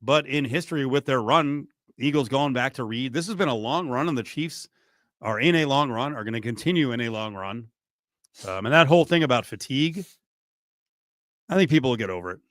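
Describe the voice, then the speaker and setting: A middle-aged man hosting a sports radio show in a studio, joking and animated. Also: medium pitch, fairly quick, no echo. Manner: animated, joking, swings from mutter to near-shout. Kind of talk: casual sports talk. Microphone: studio mic.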